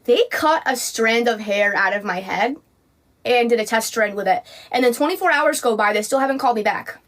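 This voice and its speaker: A woman with a slightly high voice tells a story on a casual livestream. She talks in an indignant, animated rant and throws sarcastic jabs at critics along the way. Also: a little fast. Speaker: livestream host.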